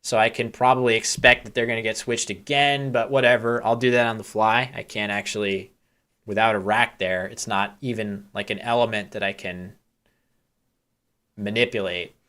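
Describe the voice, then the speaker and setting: A man's voice: on the low side, fairly even intonation, normal speed, bright, forceful tone. A man commentating a live board-game tournament in a casual, chatty way, with candid joking asides and self-deprecating humor.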